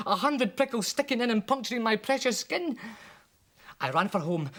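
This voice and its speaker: Animated reader of a children's poem. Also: medium pitch, moderate pace. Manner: animated, with voices for the characters. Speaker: children's TV presenter. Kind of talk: reading a poem aloud for children.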